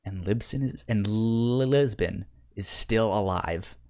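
A man's voice: lowish voice, a little mellow. A man co-hosting a podcast, casually recapping a TV series with frequent stammers and repeated syllables, swearing freely and acting out characters' lines. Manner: acts out characters' lines in quick quoted bursts. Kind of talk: casual chat.

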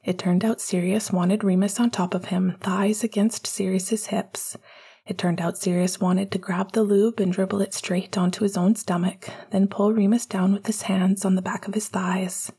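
Woman's husky whispered narration. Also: mid-range voice, level tone, normal speed. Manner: hushed intimate reading. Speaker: audiobook narrator.

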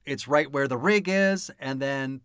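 A man's voice: mid-range voice, unhurried, fairly bright tone, clean tone, no echo, clean studio sound. A man co-hosting a casual film podcast, swearing freely and laughing often as he talks. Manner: profane, laughs often, mock-stern teasing. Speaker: podcast co-host. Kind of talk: casual chat about a film.

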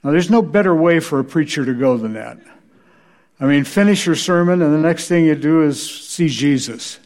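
A man's voice: a little high, moderate pace, a little mellow. Male church lecturer, wry storyteller with a slightly raised voice. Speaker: preacher and church history lecturer. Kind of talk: lecture with humorous anecdotes.

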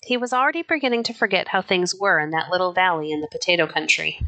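A woman narrating a children's novel chapter aloud in an even, unhurried storytelling manner. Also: fairly low pitch. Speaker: audiobook narrator.

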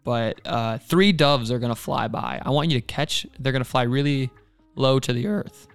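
A man's voice: mid-range voice, normal speed, vocal fry, smooth, soft background music, close to an everyday voice. A man doing a slangy, bossy troll. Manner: slangy, offhand. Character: male forest troll, casual and bossy.

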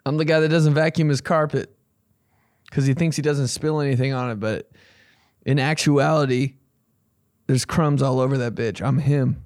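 A man hosting a comedy podcast, riffing in a casual, animated way and swearing freely. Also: medium pitch, moderate pace, long pauses, dry recording, clean studio sound.

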